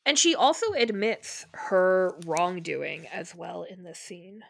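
A woman's voice: fairly low pitch, animated, takes it slowly, gravelly, fairly bright tone. A woman co-hosting a book podcast, retelling scenes in casual chat with quoted dialogue and open emotion. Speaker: podcast co-host.

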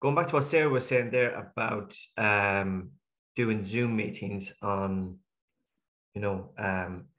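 A man's voice: on the low side, takes it slowly, fairly bright tone. Hesitant man asking a question. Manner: hesitant, fills with um.

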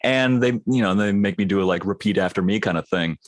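Low-voiced man, dry close sound. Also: quick pace, dry recording. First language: English. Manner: animated, slips into mock voices while telling stories. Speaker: voice actor guest. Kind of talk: casual chat.

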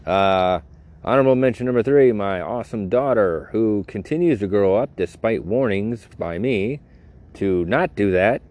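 A man's voice: fairly low pitch, a little mellow. A man hosting his own podcast in a casual solo monologue, rambling and joking at his own expense. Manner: rambling, self-deprecating, jokey. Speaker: podcast host.

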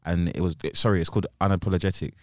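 A man's voice: low voice, steady tone, rapid-fire, darkish tone, dry recording, studio quality. A young man chatting casually as a podcast co-host, laid-back and slangy, often restarting his sentences. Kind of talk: casual chat.

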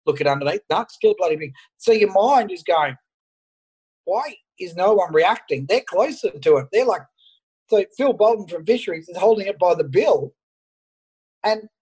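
An Australian man, a fishing photographer, telling an animated story over an internet call and acting out the dialogue. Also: high voice, breathy edge, rough recording. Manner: animated anecdote, acts out dialogue. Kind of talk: casual storytelling.

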